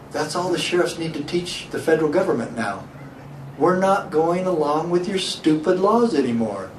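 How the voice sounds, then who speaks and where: A man's voice: fairly high pitch, darkish tone. Man giving a speech in an echoey hall. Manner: storytelling with rhetorical questions to the crowd. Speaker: sheriff giving a public address. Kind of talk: public speech to an audience. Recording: echoey hall from far off, faint hiss.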